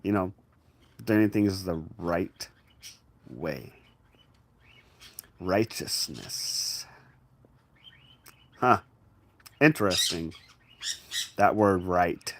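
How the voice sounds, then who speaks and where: A man with a fairly low voice talking casually about spiritual matters. He speaks in a reflective, conversational way and addresses the listener directly. Now and then he jumps into sudden, loud, acted-out inner voices. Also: expressive, extremely slow, pauses often, slight background noise. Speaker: spiritual teacher.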